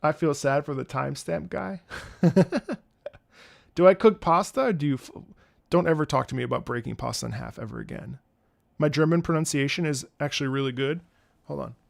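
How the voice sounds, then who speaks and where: A man's voice: a little high, brisk, vocal fry. A man in his thirties, a streamer and opera singer, chatting casually and playfully with his viewers and stumbling through greetings in other languages. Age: 30s. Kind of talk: casual live-stream chat.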